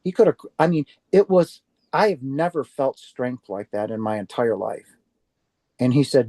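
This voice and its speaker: A man with a mellow, warm voice tells his story as an interview guest, animating the back-and-forth and stumbling into quick restarts. The sound is close and dry, with no room around it. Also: medium pitch, dry recording. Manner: animated, acts out quoted dialogue with restarts. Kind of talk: casual storytelling.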